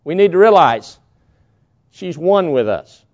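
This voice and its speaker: A man's voice: fairly high pitch, big pitch swings, measured pace, a little mellow. A man preaching a sermon in a folksy, storytelling way. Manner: folksy storytelling, acts out quoted voices. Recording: dull lo-fi recording.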